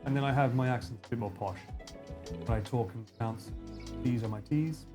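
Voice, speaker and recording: A young English man with an Essex accent, chatting casually on a stream, animated and swearing, slipping into broad slang. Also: medium pitch, moderate pace, over music. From England. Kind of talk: casual chat with a co-host and live chat.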